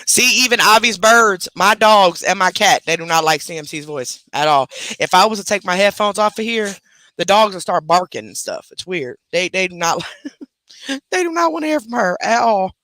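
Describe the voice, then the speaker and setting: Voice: medium pitch, normal speed, bright, forceful tone, dry recording. A speaker chatting casually on a live stream, rambling and talking to their pets along the way.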